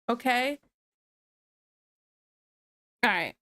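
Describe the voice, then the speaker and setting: A woman with a somewhat high voice chats casually with her livestream audience as she draws. She sounds relaxed and talkative, and the recording is close and dry, with little room sound. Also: measured pace, dry recording. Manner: chatty, relaxed, talks to chat while drawing. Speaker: livestreamer drawing on stream.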